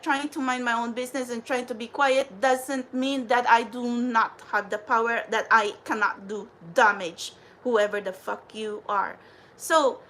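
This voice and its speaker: A woman's voice: high voice, a bit bright, a little hiss or hum, poor audio. A woman hosting a spiritual livestream, ranting in a profane, defiant and rambling way.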